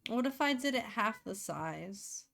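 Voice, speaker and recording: Slow, rambling woman streamer. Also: a little high, animated, creaky, a bit bright. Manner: rambling, playful, self-talking while working. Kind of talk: casual live-stream chat.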